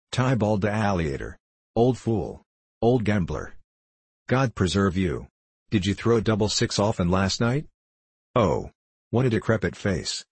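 A man reading a classic novel aloud as audiobook narration, in a steady even manner. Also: low voice, breathy edge, dry recording. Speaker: audiobook reader. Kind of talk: scripted narration.

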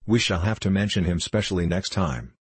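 A plain-spoken little girl from a storybook, matter-of-fact in tone, as a man reading aloud voices her. The voice stays very low and husky, in a dry sound. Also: fairly quick, no room sound.

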